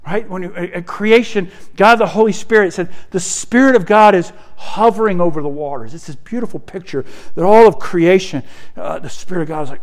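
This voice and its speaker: A middle-aged man preaching a sermon, animated, acting out scripture quotes and often repeating words as he thinks. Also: a little high, normal speed.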